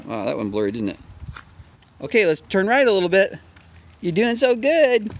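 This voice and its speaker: A man cooing encouragement at his dog on a street walk, his pitch leaping between a low murmur and squeaky highs. He hums little sing-song tunes and praises constantly. Faint street noise sits under the phone recording. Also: big pitch swings, brisk, long pauses. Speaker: dog owner filming a walk. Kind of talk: sing-song pet talk. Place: outdoors on a street.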